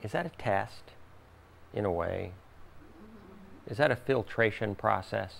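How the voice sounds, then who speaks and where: A man's voice: lowish voice, expressive, measured pace, vocal fry, fairly bright tone, a little hiss or hum. A man teaching a workshop and answering audience questions, acting out quoted voices and laughing often. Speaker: spiritual teacher.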